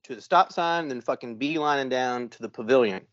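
In a muffled, lo-fi, dry recording, a man with a mid-range voice talks briskly. He's a podcast co-host telling a story in a casual chat, cursing nonstop and performing other people's lines with animated flair.

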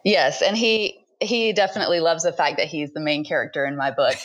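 A woman in her thirties, a book author speaking as a podcast guest, talking thoughtfully with frequent pauses. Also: low-pitched, a bit bright, dull audio. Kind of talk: conversational interview.

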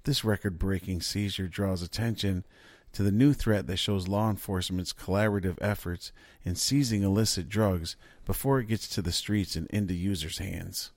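A man putting on the voice of a stiff male federal drug agent, reading a statement in a deep, official press-release delivery. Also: normal speed, hardly any pauses, no room sound.

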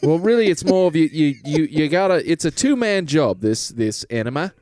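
A man's voice: on the high side, animated, normal speed, a little mellow, no echo, voice pushed up, close to an everyday voice. A man voicing a pushy male salesman, with chummy sales patter. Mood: salesy. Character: brash British male salesman pitching a product.

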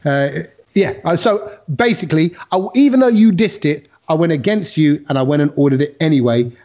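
A man's voice: fairly high pitch, animated, a little fast, a little mellow. A man hosting a casual podcast, teasing his friends and describing food in vivid detail. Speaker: podcast host. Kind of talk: casual chat.

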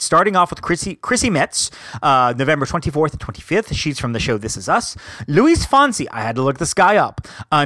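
A man's voice: on the high side, fairly bright tone, no room sound. A man hosting a solo podcast in casual chat, enthusiastic and rambling, often breaking off to correct himself. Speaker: podcast host.

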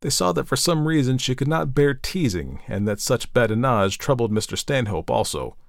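A man narrating a classic novel in a measured, even reading style. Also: medium pitch, gravelly, no room sound, studio quality. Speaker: audiobook narrator.

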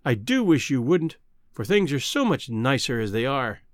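A man reading a novel aloud, voicing a proud, cool-headed young woman who gently turns down a suitor. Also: mid-range voice, very animated, moderate pace, no room sound, studio quality, natural voice. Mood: reproving. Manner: gently reproving, composed.

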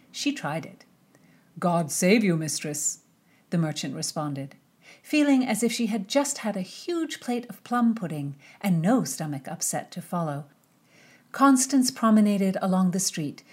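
A woman narrating a historical novel aloud, with measured, expressive storytelling. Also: on the low side. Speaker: audiobook narrator. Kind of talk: scripted narration with character voices.

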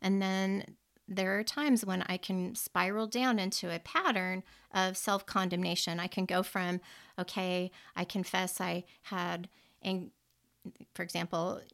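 Gravelly-voiced woman sharing her faith. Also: medium pitch, fairly even intonation, measured pace. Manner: earnest, rambling, with frequent restarts and soft laughs. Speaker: podcast host. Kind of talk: personal faith talk.

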